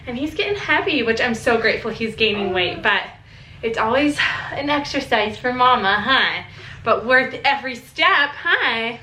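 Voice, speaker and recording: A woman's voice: fairly high pitch, lively intonation, moderate pace, sharp tone, reverberant, a little hiss or hum, poor audio. A young woman, a family vlogger, chatting casually at home and cooing to her kids, a little out of breath. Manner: cooing baby talk to her children. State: slightly out of breath.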